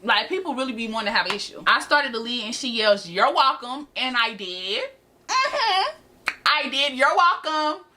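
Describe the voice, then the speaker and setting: A woman's voice: on the high side, a little fast, few pauses, slight background noise. Sassy eighteen-year-old woman telling a story. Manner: animated, sassy, addresses viewers as y'all. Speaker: vlogger. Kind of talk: storytime vlog.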